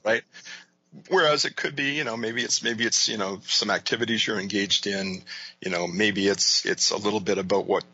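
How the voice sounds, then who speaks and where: Low husky man explaining thoughtfully. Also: brisk, bright, forceful tone, dull audio. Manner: thoughtful, explanatory, with many "you know" and "right?". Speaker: guest, leadership author and coach. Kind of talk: casual interview talk.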